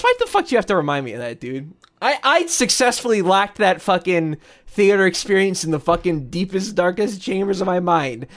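A young man co-hosting a podcast, bantering casually with lively swearing. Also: fairly high pitch. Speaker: podcast co-host.

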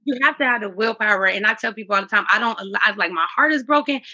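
Her mid-range voice races, sounding pushed and bright on a muffled recording. As an interview guest, this woman talks candidly and earnestly about her faith, frequently circling back with fillers and restarts.

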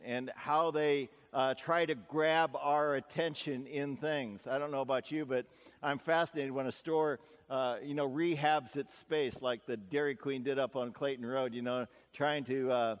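A man's voice: mid-range voice, long reverb tail. A man preaching a sermon as pastor, talking in a conversational, folksy way with stories and asides.

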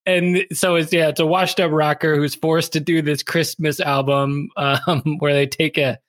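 A man's voice: on the high side, level tone, measured pace, a bit bright, no echo. A man in his thirties co-hosting a podcast, casually chatting about a movie, laughing often and quoting lines in silly voices. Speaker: podcast co-host. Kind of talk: casual chat reviewing a movie.

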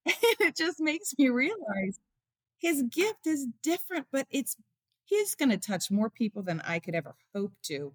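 A woman's voice: sits high, sing-song, unhurried, long pauses, no echo, studio quality. Earnest woman telling stories in an interview. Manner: earnest, tells stories with quoted dialogue. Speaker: author and mother, interview guest. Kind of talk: heartfelt storytelling in an interview.

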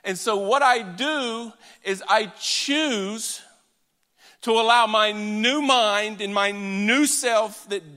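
A man preaching a sermon in an earnest, emphatic way, swinging between loud declarations and hushed asides. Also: sits high. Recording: long hall reverb.

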